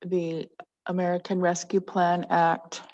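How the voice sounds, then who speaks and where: Woman council member, mellow and even-toned, delivers a slow meeting update. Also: on the low side, lo-fi sound. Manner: measured, with many ums. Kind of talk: meeting report.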